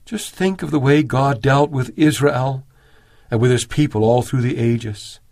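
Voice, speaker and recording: A man preaching a sermon in an earnest, measured way, raising his voice when he quotes prayers. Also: medium pitch, darkish tone.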